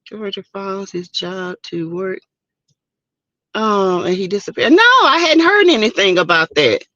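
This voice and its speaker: A woman's voice: mid-range voice, expressive, measured pace, a bit bright, no echo, lo-fi sound. A woman hosting a casual morning livestream, chatting and greeting viewers by name. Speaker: livestream host. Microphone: streaming setup mic.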